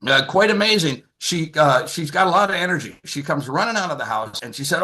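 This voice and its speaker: Brief: sixties male comic, bright forceful tone, rambling anecdote style, video call mic. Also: fairly high pitch, lively intonation, brisk, few pauses. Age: 60s. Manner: rambling, lots of filler and restarts. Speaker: comedian. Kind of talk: stand-up storytelling on a video call.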